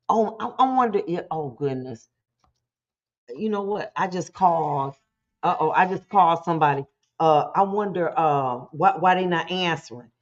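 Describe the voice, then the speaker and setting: Lively woman preaching motivational talk. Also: low voice, muffled recording. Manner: animated, conversational, acts out quick voices. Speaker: talk show host.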